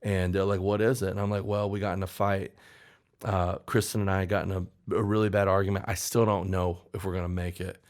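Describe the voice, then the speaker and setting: A man's voice: deep voice, level tone, fairly quick. A male songwriter telling a story in casual chat, acting out the people he quotes. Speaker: songwriter guest.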